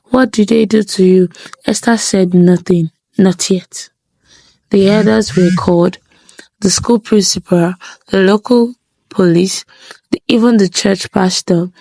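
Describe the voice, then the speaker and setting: A woman narrating a folktale in a measured, dramatic way, drawing out key phrases. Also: lowish voice, warm tone, dry recording. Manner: measured, dramatic pacing with slowed phrases for effect. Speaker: storyteller.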